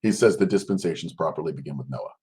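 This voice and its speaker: A man, a guest scholar, explaining ideas in conversation, halting often and restarting his sentences. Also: very deep voice, warm tone.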